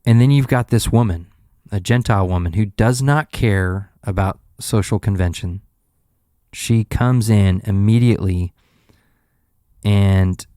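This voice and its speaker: A man with a lowish voice co-hosting a faith podcast. He retells scenes with lots of energy and acts out the lines of the people in them. The recording is dry and close to the mic. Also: clean tone, no room sound. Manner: animated storyteller, acts out scenes. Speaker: podcast co-host. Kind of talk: casual Bible study chat.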